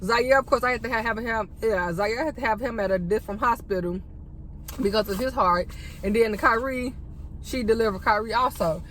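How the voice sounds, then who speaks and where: A woman's voice: on the high side, moderate pace, fairly bright tone, a little hiss or hum. Chatty young woman telling a story. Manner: chatty, addresses viewers as y'all. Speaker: vlogger. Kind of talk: storytime mukbang chat.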